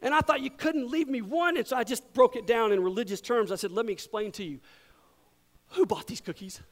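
A middle-aged man preaching with a strikingly high voice. He tells his story with animated energy, booming one moment and dropping to a hush the next. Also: a little fast. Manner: animated storytelling, swinging from loud to hushed. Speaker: pastor. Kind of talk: sermon.

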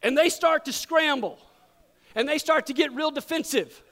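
A middle-aged man preaching with a strikingly high voice. He tells his story with animated energy, booming one moment and dropping to a hush the next. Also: moderate pace. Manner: animated storytelling, swinging from loud to hushed. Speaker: pastor. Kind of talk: sermon.

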